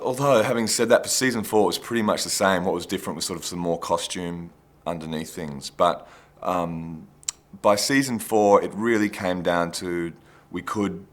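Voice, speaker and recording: Deep-voiced actor, chatty. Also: male voice, a bit bright. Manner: chatty, anecdotal, restarts phrases. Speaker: actor interviewee. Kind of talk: behind-the-scenes interview.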